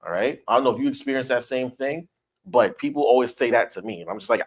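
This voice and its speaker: A man's voice: medium pitch, expressive, fast, husky. A man leading a livestreamed Bible study, emphatic and repetitive, checking in with "all right?" after his points. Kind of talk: livestreamed scripture lesson.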